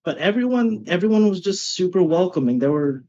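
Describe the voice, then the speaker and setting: Guesting on a podcast, a martial arts instructor spins conversational stories, chatty and full of "um" and tagged "right?"s. He talks briskly and expressively in a high, darkish voice, with the highs cut off in the recording.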